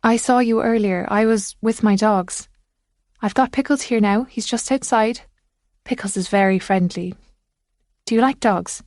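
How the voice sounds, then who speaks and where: A woman reading an audiobook, voicing a determined woman officer who coaxes a lost girl gently. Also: medium pitch, a little slow, no room sound, clean studio sound, natural voice. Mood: urgent. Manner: urgent but gentle, coaxing.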